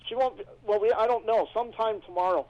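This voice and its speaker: A man's voice: sits high, fast talker. A man calling in to a radio show, telling stories in a chatty way over a phone line. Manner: chatty, storytelling. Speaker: caller. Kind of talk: casual chat. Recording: dull phone-line audio.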